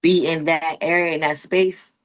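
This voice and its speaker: A woman from Wilmington, Delaware, with a Delaware accent, telling animated, slangy stories as a podcast guest. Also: low voice, moderate pace. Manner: animated storytelling, slangy, rising emphasis. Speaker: guest, model and confidence coach. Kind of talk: casual interview chat.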